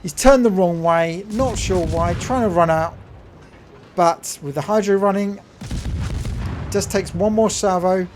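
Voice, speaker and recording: A man giving excitable play-by-play commentary over a naval battle game replay, cheering his teammate on and talking to viewers as folks. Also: sits high, unhurried, pauses often, a little hiss or hum. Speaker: gaming channel host.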